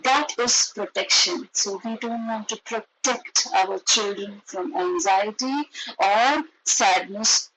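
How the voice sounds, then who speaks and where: A woman with an Indian English accent delivers a parenting lesson in a somewhat high voice. She explains each point earnestly and slips into playing the parent and the child as she goes. She sounds middle-aged and steady, like a seasoned educator. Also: slight background noise, rough recording. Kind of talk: parenting talk.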